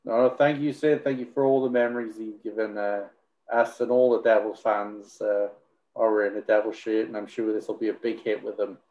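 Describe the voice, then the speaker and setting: A man's voice: lowish voice, steady tone, brisk, a little mellow. A male podcast host wraps up the conversation with hesitant fillers. He sounds roomy, and the audio is dull and lo-fi. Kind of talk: casual interview hosting.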